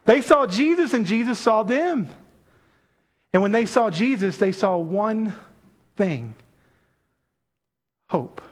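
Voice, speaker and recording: A man preaching a sermon as pastor, speaking in an animated way and calling on his congregation to respond. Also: high voice, takes it slowly, pauses often.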